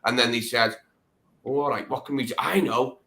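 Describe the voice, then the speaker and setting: Man, co-host, forceful bright voice, earnest, opinionated, echoey room. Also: medium pitch, a little fast. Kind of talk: casual live-stream football chat.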